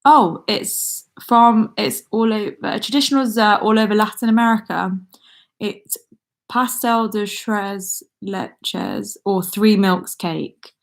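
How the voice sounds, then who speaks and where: Speaking slowly in a gravelly, mid-range voice, a young woman livestreams from her laptop at home. She's a YouTuber reading viewer comments and wandering through casual chat, punctuated by frequent ums and soft laughter.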